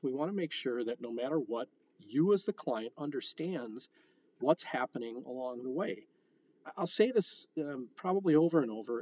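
A man's voice: mid-range voice, a little mellow, dull audio. A man hosting a real estate podcast, talking frankly and conversationally, with frequent fillers and restarts. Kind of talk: podcast monologue.

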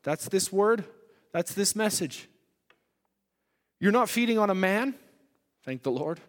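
A man preaching a sermon in a church hall, swinging between loud emphatic lines and hushed ones. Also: high voice, animated, a little slow. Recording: long hall reverb.

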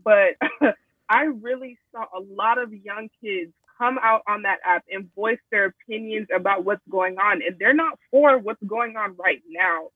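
A man's voice: sits high, unhurried, no room sound. A man in a casual discussion, emphatic and slangy, calling in over a phone line. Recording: tinny phone line, distant.

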